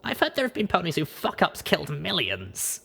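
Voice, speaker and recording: A man's voice: on the high side, huge pitch swings, normal speed, gravelly, sharp tone, slightly rough, pitched above the performer's own voice, exaggerated voice. A man voicing a tough, battered young female pony in an audiobook reading, blunt and profane, exhausted and breathless. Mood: wry comfort.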